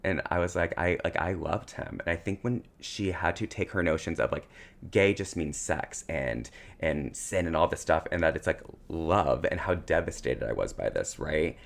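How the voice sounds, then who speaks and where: A man's voice: low voice, moderate pace, gravelly. A man co-hosting a podcast, telling a personal story in a casual, emotional way. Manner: emotional, tearful at times, animated storytelling. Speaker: podcast co-host.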